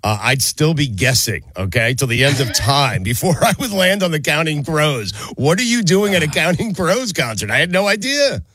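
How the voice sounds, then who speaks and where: A man's voice: fairly high pitch, very animated, normal speed, hardly any pauses, a bit bright, breathy edge, dry recording. A man hosting a casual sports talk show, joking around and steering the talk with questions for his co-hosts. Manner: jokey, leads the conversation and asks questions. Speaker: host.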